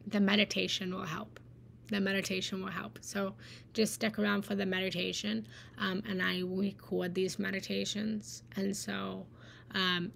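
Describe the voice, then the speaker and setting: A woman's voice: mid-range voice, vocal fry, slight background noise. A woman meditation teacher giving an earnest, encouraging live-stream talk, repeating phrases for emphasis and slipping into whispered asides. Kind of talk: live-stream spiritual talk answering viewer comments.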